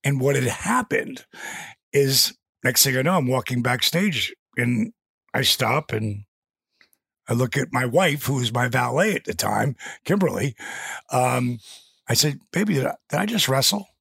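Gravelly, animated man in his 60s. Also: medium pitch, unhurried, dry recording, studio quality. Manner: animated, acts out quotes and sound effects. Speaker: interview guest. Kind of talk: casual storytelling in an interview.

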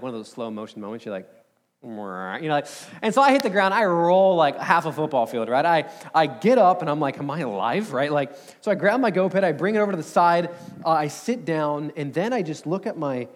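A man in his thirties preaching a sermon, telling a personal story in a casual, energetic way with lots of fillers. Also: a little high. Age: 30s. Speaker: pastor. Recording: long hall reverb.

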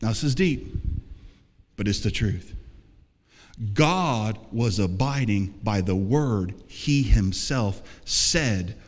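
A man's voice: on the low side, lively intonation, takes it slowly. A man preaching an emphatic sermon as pastor, calling for responses from the congregation. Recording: long reverb of a large hall.

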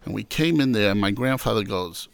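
A man's voice: lowish voice, quick pace, vocal fry, clean tone. A man from New York telling stories from his childhood in a casual interview, acting out the voices of people he quotes. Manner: animated storyteller who acts out quoted voices.

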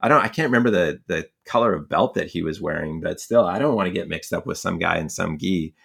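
A man tells a story in a low, gravelly voice, rambling and full of filler words. He sounds like a young adult chatting casually as an interview guest. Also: fast talker, fairly bright tone. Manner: rambling, heavy on filler words, laughs often. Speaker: guest, fly angler and magazine writer.

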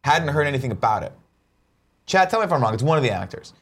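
A man's voice: medium pitch, sing-song, quick pace, a bit bright. A man co-hosting a talk show, chatting casually in a rambling, irreverent way and swearing freely. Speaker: show co-host. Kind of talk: casual chat.

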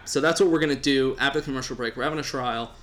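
Joking male podcast host, bright voice. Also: medium pitch, rapid-fire. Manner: joking, rambling, casually profane. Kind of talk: casual podcast chat.

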